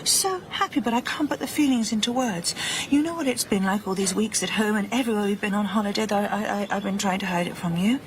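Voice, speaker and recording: An actress playing a grieving wife in a radio drama, speaking in a breathy, earnest, half-whispered way. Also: female voice, medium pitch, fast talker, noisy background, lightly acted. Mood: elated. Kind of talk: BBC radio drama acting.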